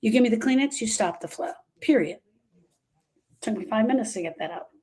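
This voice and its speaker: Woman, grief specialist, live talk; emphatic and direct, repeats her points; higher, mellow voice. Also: lively intonation, brisk. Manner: emphatic, repetitive, direct advice.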